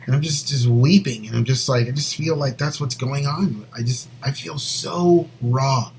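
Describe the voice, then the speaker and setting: A man co-hosting a Christian show, sharing a personal faith story in an earnest, rambling way and sometimes dropping to a soft near whisper. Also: mid-range voice, moderate pace, creaky, a little hiss or hum, rough recording. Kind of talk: personal faith testimony, casual chat.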